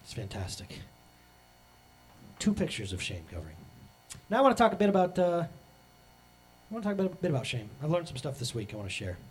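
A man in his thirties preaching a sermon as pastor, animated and acting out the voices he quotes. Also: fairly high pitch, brisk, pauses often, slight background noise.

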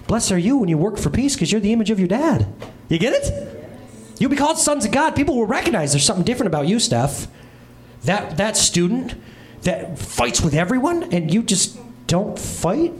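A man in his thirties, a pastor preaching a humorous sermon from a church stage. He tells stories with animated comic voices and quick asides. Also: high voice.

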